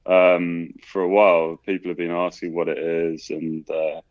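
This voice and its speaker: Guest DJ, man, deep voice, easygoing rambling talk, muffled dry video-call sound. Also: normal speed, no room sound. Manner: relaxed, rambling, full of fillers and "man". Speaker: DJ and producer, guest. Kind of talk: casual video-call interview.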